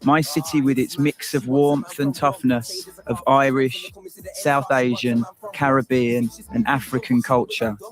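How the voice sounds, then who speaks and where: A man from Birmingham with a Birmingham accent, giving measured, reflective documentary narration. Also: mid-range voice, level tone, poor audio. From Birmingham, England. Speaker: documentary presenter. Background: music.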